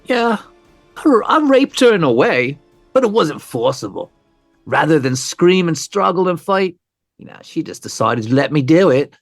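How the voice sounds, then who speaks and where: A man voicing a calm, self-absorbed British killer in a casual, chatty manner. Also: a little high, moderate pace, vocal fry, dry recording, clean studio sound, soft background music. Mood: dismissive.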